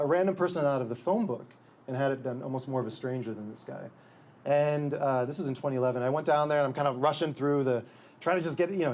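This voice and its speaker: A man with a fairly high voice reads from his own book and then chats about it at a bookstore event. His humor is dry and wry, and he often breaks off and restarts a thought. He sounds relaxed and conversational. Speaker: author and guest.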